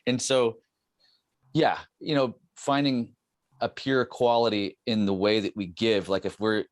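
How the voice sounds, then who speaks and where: A middle-aged man hosting a podcast, speaking earnestly and haltingly, restarting and repeating words as he works out his ideas. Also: lowish voice, flat delivery, dry recording, studio quality. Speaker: podcast host. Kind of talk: reflective podcast conversation.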